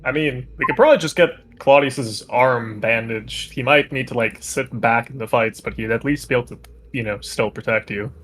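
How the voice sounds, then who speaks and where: Hesitant male player, mid pitch, faint room noise. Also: normal speed, fairly bright tone. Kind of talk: casual tabletop role-play.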